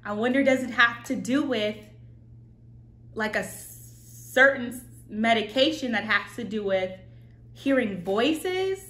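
Woman, reaction host, excitable, thinks aloud, fairly high voice. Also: measured pace, echoey room. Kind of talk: casual reaction commentary.

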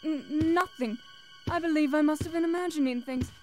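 A woman's voice: high voice, normal speed, darkish tone, voice pushed up, close to an everyday voice. A woman putting on a haughty, theatrical aristocratic voice with a mock-posh accent, over game music. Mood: mock innocent.

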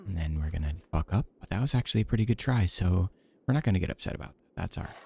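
A man streaming a game, giving soft-spoken ASMR commentary with gentle self-talk and the odd casual swear. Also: low voice, lively intonation, rapid-fire, gravelly, slightly rough.

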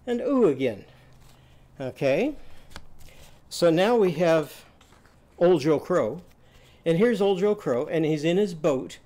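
A man teaching a phonics lesson, telling short stories and quizzing the class with loud, drawn-out vowel sounds. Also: on the high side. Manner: animated, loud drawn-out vowel shouts and quiz prompts.

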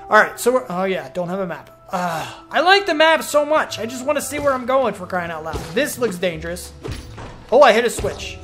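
A man's voice: high-pitched, big pitch swings, brisk, a bit bright, faint music behind. A man commenting casually as he plays a video game, talking to himself and his viewers and reacting with surprise. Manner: chatty, self-talking, easily surprised. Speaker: gaming streamer. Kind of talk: let's play commentary.

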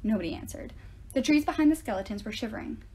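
Woman narrator with a slightly high voice, reading aloud at an even storytelling pace. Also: quick pace. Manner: steady first-person storytelling. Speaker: audiobook reader.

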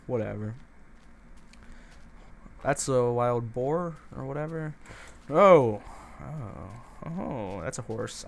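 A man's voice: mid-range voice, vocal fry, a little hiss or hum. A man giving casual, playful let's-play commentary, chatting to the animals and villagers as he goes. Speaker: gameplay commentator.

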